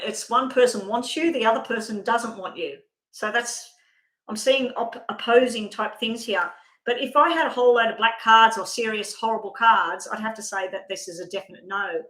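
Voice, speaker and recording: A woman's voice: a little high, a bit bright, reverberant, rough recording. A woman giving a live tarot card reading, talking in a chatty, rambling way and breaking off mid-thought. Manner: chatty, rambling, self-interrupting. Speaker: tarot reader.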